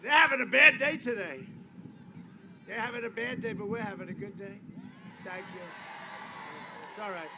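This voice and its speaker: A man's voice: sits high, normal speed, pauses often. A man giving a rambling, boastful campaign rally speech, repeating his lines often, on a podium microphone outdoors. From United States. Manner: boastful, repetitive, rambling asides. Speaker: political candidate. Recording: noisy outdoor rally feed.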